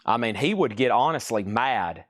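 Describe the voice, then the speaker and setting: A man runs a casual live sale from his store, rattling off items and prices. He talks in a chatty, teasing way. His voice sits at a middling pitch and the sound is dry and close. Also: big pitch swings, normal speed, no room sound. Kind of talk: casual live-stream selling.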